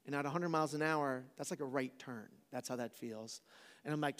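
A man's voice: mid-range voice, fairly quick, fairly bright tone, big-room sound. A man in his forties, a preacher telling a funny personal story to a live audience, casual and joking, often asking the crowd questions.

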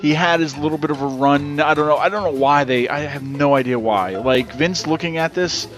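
A man's voice: on the high side, brisk, over music. A man hosting a podcast in casual chat, rambling and swearing freely. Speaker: podcast host.

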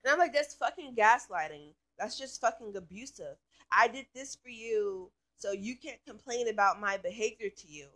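Woman vlogger, casual storytime rant; bright, sharp tone, loose and profane delivery. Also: on the high side, lively intonation, moderate pace. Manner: rambling, filler-heavy, swears freely.

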